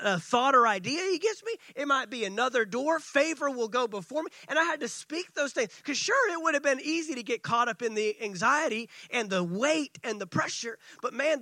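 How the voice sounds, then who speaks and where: A man preaching a sermon. He acts out the scripture dialogue and swings between excited, quick bursts and hushed, drawn-out lines. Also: very high-pitched, no echo. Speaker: pastor.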